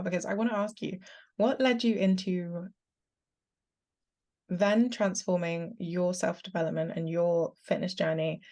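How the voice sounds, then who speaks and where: A woman's voice: mid-range voice, creaky, a little mellow. A woman hosting a podcast, speaking in an earnest, reflective way and asking long, layered questions in casual interview chat. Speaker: podcast host.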